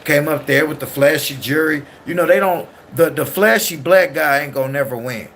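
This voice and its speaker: A man's voice: a little high, normal speed, fairly bright tone, a little hiss or hum. A man with a California accent and Southern slang, hosting a casual livestream and talking loosely and ramblingly to his chat. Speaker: livestream host.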